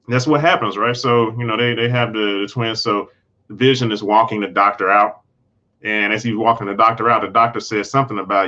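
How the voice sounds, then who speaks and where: A man's voice: medium pitch, a bit bright, highs cut off. A man casually recapping and reviewing a TV episode, rambling with lots of fillers and acting out characters' lines in a loose, slangy way. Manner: rambling, full of fillers like "you know" and "like". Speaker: film and TV reviewer.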